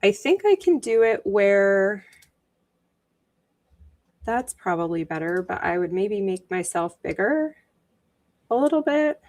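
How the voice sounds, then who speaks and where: A woman's voice: mid-range voice, big pitch swings, slow pace, pauses often, a little mellow. A woman hosting a casual livestream, greeting viewers by name, chatty with many ums and frequent giggles. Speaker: livestream host.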